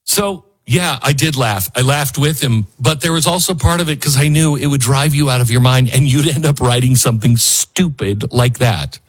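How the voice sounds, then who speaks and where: A man's voice: mid-range voice, moderate pace, hardly any pauses, breathy edge. A man hosting a political talk show, giving an opinionated, sarcastic monologue and laughing often. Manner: animated, sarcastic, laughs often and mimics people.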